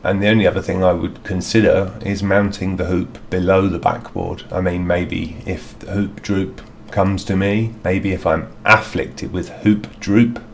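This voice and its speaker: A man's voice: low voice, flat delivery, measured pace, creaky, hardly any pauses, a little hiss or hum. A man outdoors in a garden, talking through a DIY product review in a rambling, hesitant way with many fillers.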